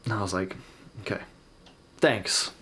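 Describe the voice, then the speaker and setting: A man's voice: low voice, a little slow, fairly bright tone. Candid man reacting to his own footage. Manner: candid, self-deprecating, conversational. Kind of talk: casual reaction commentary.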